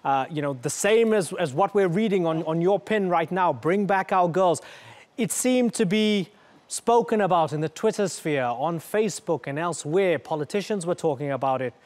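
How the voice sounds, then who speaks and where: A man hosting a news programme, asking formal, measured questions of his guests. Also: a little high, expressive, darkish tone. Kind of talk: studio interview.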